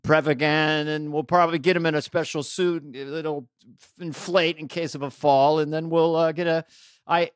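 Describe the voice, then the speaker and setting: A man's voice: fairly high pitch, fairly even intonation, moderate pace, clean tone, dry recording, clean studio sound. A man co-hosting a podcast in casual comedic chat, riffing and doing silly voices over a video call. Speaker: podcast co-host.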